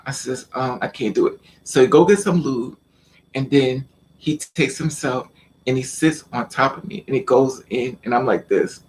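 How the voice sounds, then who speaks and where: A man telling a personal story in a casual vlog, talking in an animated way with stammering repeats and acting out the lines of the people in it. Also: medium pitch, moderate pace. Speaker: vlogger.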